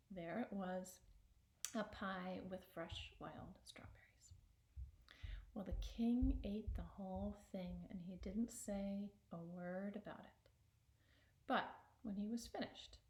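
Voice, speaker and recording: A woman storyteller telling a folktale by heart, lively in delivery and slipping into hushed whispers at tense moments. Her pitch sits mid-range for a woman, and the echoey room leaves a roomy ring on her voice. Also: a little slow. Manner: expressive, dips into whispers for suspense.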